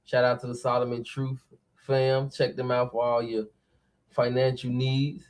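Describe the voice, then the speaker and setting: A man's voice: mid-range voice, completely flat delivery, measured pace, a little mellow. A man co-hosting a live show, laid-back and casual, hyping up friends and guests.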